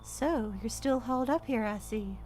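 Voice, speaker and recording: A woman voicing a cryptic, ominous stranger who speaks in slow, solemn riddles. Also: fairly high pitch, a little mellow, close to an everyday voice.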